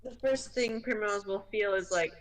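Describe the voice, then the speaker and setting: Slow, hesitant woman player. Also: mid-range voice, steady tone, fairly bright tone, recorded from a distance. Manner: slow, hesitant, with many ums. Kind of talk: tabletop game play.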